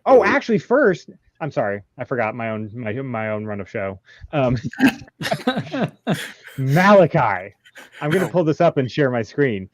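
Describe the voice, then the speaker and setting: A man hosting a casual panel chat, halting with many ums and nervous laughs. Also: mid-range voice, very animated, no echo. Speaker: podcast host.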